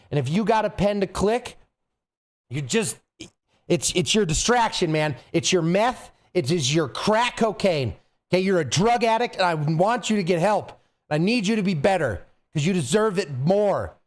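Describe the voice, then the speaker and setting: A male livestream host throws himself into an over-the-top, mock-serious rant with theatrical passion. His voice sits high and swings wildly up and down. He gets more worked up the longer he talks. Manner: theatrical, impassioned, getting worked up; coughs and trails off between thoughts.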